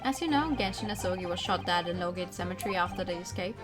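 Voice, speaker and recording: A woman's voice: lowish voice, animated, quick pace, close to an everyday voice. A woman reading the lines of an earnest young male defense attorney. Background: background music.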